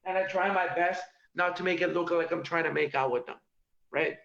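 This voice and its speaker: Speaking briskly with vocal fry, a man with a fairly high, fairly bright voice does stand-up in his home kitchen. He hits jokes hard and tags them with "okay?" and "all right?", captured in roomy, lo-fi, dull audio.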